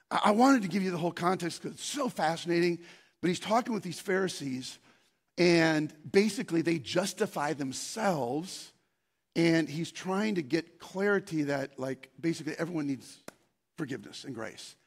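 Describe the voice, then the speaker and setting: Raspy high-voiced pastor preaching. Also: male voice, moderate pace. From Scandinavian heritage, Norwegian. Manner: rambling, self-deprecating storytelling with many restarts; breaks into loud, excited shouting when acting out scenes. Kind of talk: sermon with personal story.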